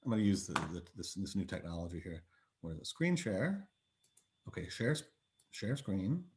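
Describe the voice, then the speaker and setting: A man's voice: low-pitched, big pitch swings, normal speed. A man giving a university lecture over a video call, chatty and thinking aloud with many fillers and restarts. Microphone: computer mic on video call.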